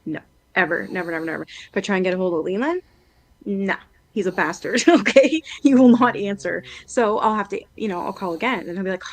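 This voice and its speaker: A woman's voice: medium pitch, a little fast. A woman from Canada hosting a casual video-call chat, speaking bluntly with lots of swearing and frequent laughter. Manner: blunt and profane, laughing often. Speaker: host.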